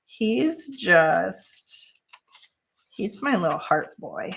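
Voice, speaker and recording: A woman's voice: sing-song, drawn-out words, vocal fry, fairly bright tone, husky. A woman hosting a casual crafting chat, talking easily to her viewers and cooing at her cat in between. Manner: chatty, slips into high baby talk with her cat. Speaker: craft channel host.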